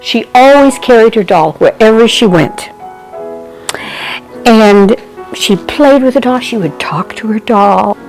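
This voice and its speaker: A woman telling a children's story slowly and expressively, often dropping into a hushed whisper and turning to the listener with asides. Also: a little high, animated, faint music behind, poor audio. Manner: slow, gentle delivery with asides to the listener.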